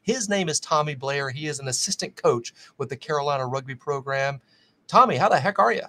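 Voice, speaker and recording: A slightly high-voiced man with a faded Southern accent hosts a casual chat. He sounds upbeat and often doubles his words. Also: expressive, fairly quick, sharp tone. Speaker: host. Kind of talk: casual interview.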